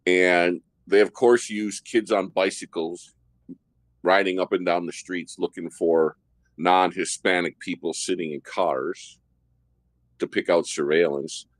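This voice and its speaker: A former undercover narcotics officer, a man, telling a story in a measured, detailed and casual way. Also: low-pitched, fairly even intonation, no echo.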